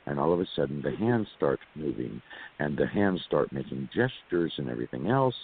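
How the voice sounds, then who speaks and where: A man's voice: a bass voice, very animated, brisk. A man from California telling a long personal story as an interview guest, rambling with repeated words and asides to listeners. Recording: tinny phone line with hiss.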